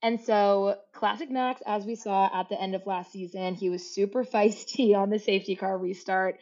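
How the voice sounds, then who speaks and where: A woman's voice: medium pitch, steady tone, normal speed, a little mellow. Chatty young woman on a podcast. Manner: chatty, laughs often, fillers. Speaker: podcast co-host. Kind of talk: casual sports chat. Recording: slightly dull lo-fi audio.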